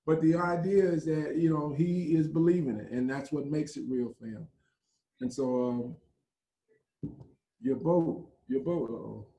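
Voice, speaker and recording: A theater director in a casual talk, animatedly retelling a play with frequent fillers. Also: male voice, fairly high pitch, fairly even intonation, normal speed, mellow. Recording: echoey room.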